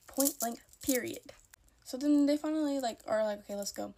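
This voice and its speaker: A woman's voice: high voice, moderate pace, dark tone, slight background noise. A young woman telling a story in a casual, emphatic way, repeating herself when worked up.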